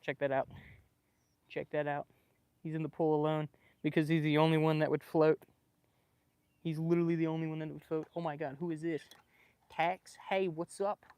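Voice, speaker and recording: Excitable man livestreaming from his yard. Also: on the high side, normal speed, pauses often, clear, resonant tone, no room sound. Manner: excitable, laughing, swearing, chatting with viewers. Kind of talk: casual live stream chat. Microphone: small clip-on microphone with a phone.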